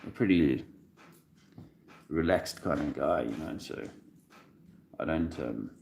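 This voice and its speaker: A man with a very low, gravelly voice speaks slowly to his viewers. He is soft-spoken and hesitant, with many restarts. The room is echoey and a faint hiss sits behind him. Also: animated. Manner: halting, full of restarts and fillers; soft-spoken and emotional at times. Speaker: video host. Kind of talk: casual livestream talk.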